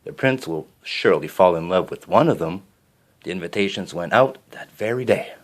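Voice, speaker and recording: A man with a fairly low voice reads a children's storybook aloud. His delivery is lively and his pitch swings widely. He stumbles and restarts now and then. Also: normal speed. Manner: expressive with small slips and restarts.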